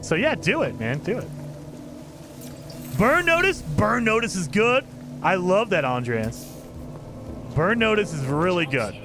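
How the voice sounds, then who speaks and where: A man's voice: sits high, big pitch swings, measured pace, long pauses, music in the background. A man streaming a video game, chatting casually and rambling with enthusiasm, often laughing at himself. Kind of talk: casual chat while gaming.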